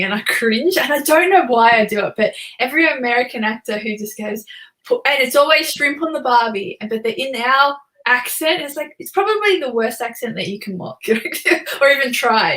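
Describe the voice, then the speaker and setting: A woman with an Australian accent, chatting as a guest on a live show, talkative and quick to laugh. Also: fairly high pitch, a bit bright. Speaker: guest author. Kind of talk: casual chat on a live show.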